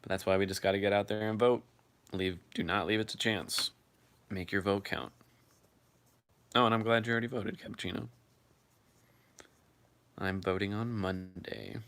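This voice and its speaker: A man's voice: fairly low pitch, fairly even intonation, moderate pace, gravelly, long pauses, fairly bright tone. A man hosting a casual live chat, reading viewer comments aloud and answering them in a loose, freely swearing way.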